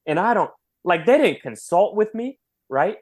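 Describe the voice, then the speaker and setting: A man who is a podcast guest, telling his personal testimony in an earnest, animated way and often repeating words as he goes. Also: sits high, normal speed.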